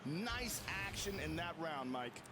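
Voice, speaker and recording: Canned game announcer, high voice, loud noisy game audio. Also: male voice, sing-song, a little slow. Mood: upbeat. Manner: canned stock phrases. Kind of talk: scripted sports commentary.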